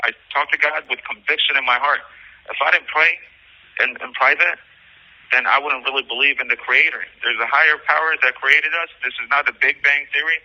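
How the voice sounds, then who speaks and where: A man's voice: medium pitch, fairly even intonation, a little fast. Agitated man on a muffled jail phone line. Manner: agitated, rambling, swearing. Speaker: jail inmate on a recorded call. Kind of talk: emotional personal account.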